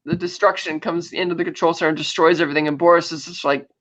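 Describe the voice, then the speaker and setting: A woman's voice: on the low side, steady tone, fast talker, a bit bright. Woman, podcast co-host, chatty rambling plot recap, dull lo-fi recording. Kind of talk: casual chat recapping a film plot.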